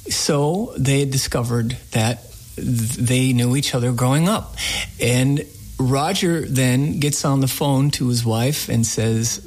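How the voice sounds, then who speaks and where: A man, the host of a radio show, telling a story in a casual interview, animated and full of fillers. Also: medium pitch, unhurried.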